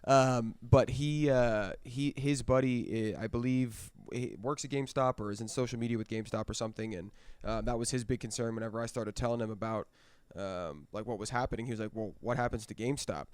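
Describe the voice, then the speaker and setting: A man speaking as a guest on a casual podcast, talking in an animated, emphatic way. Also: medium pitch, fairly quick, clear, resonant tone, no room sound. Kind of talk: casual chat.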